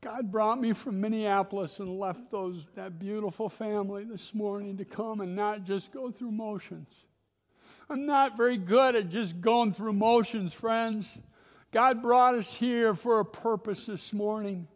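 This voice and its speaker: A man preaching a sermon as a guest pastor, impassioned, moving between hushed, slow passages and rising exhortation. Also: high voice, steady tone. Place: church sanctuary. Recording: long reverb of a large hall.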